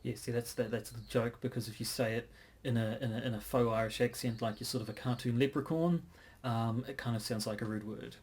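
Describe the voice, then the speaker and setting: A man co-hosting a casual podcast, measured and hesitant, often restarting his sentences. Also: medium pitch, fairly even intonation, a little mellow, husky. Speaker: podcast co-host.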